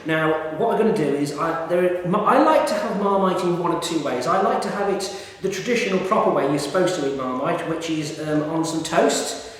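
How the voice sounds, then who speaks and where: A man's voice: fairly high pitch, lively intonation, moderate pace. A middle-aged man rambling casually with many fillers and restarts, reviewing food in a vlog. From United Kingdom. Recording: echoey room with long reverb.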